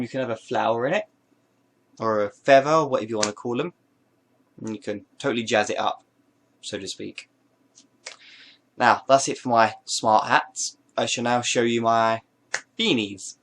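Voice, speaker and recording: Male vlogger, mid-pitched voice, casual and playful, rambling show-and-tell. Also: fairly bright tone. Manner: playful, rambling, jokey asides.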